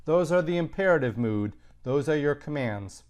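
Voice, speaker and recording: A man's voice: a little high, expressive, moderate pace, darkish tone. A middle-aged man teaching a recorded Latin grammar lesson, conversational and emphatic with punchy asides.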